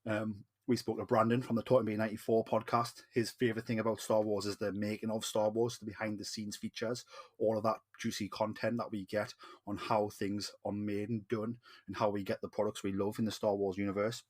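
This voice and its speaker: An enthusiastic man with a Geordie accent hosts a casual podcast chat. His voice sits a little low, and he fills pauses with ums as he talks. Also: level tone, husky. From Newcastle, northeast England. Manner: enthusiastic, chatty, many ums. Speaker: podcast host. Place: home podcast setup in Newcastle.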